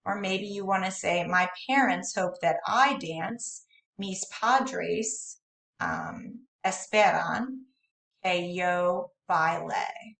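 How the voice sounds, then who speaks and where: Woman teacher, home recording, patient explainer, slightly raspy fry, set back from the computer mic. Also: mid-range voice, slow, fairly bright tone. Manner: patient, explanatory, apologetic asides. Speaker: Spanish teacher. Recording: roomy, distant, echoey room.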